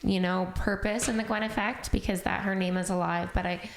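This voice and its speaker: A woman's voice: medium pitch, fairly even intonation, a little fast, echoey room, slight background noise. A woman hosting a podcast, speaking earnestly and openly about her grief as a parent. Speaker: podcast host, bereaved parent. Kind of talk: heartfelt conversational podcast talk.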